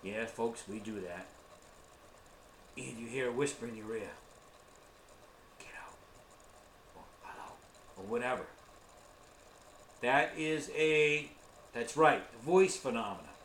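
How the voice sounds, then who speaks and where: A man's voice: mid-range voice, measured pace, pauses often, a bit bright, slight background noise. Brief: male tour guide, casual and earnest, mid-range voice, roomy live-stream audio. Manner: earnest, chatty, addresses viewers as folks. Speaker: ghost hunting tour guide. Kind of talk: casual instructional talk.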